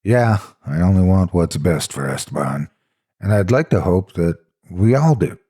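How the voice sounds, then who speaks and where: A man's voice: deep voice, animated, normal speed, dark tone. A man voicing a blunt, protective male special ed teacher who talks earnestly and swears freely.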